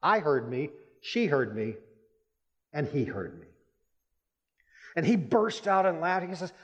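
Preaching in a muffled church hall drenched in long reverb, a Baptist pastor tells personal stories in an unhurried way. His voice swings widely in pitch with emphatic rises, and he pauses often.

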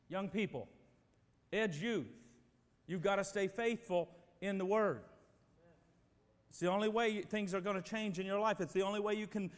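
Pastor, male, high voice, emphatic sermon delivery, big echoing church sound. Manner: emphatic preaching, swings from loud to quiet. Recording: long reverb of a church hall.

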